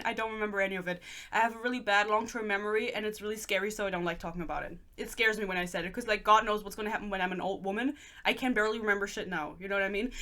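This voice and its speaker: Bright-voiced German woman chatting. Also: medium pitch. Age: 20s. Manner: chatty and self-mocking, with swearing asides. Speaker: podcast host. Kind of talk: casual chat.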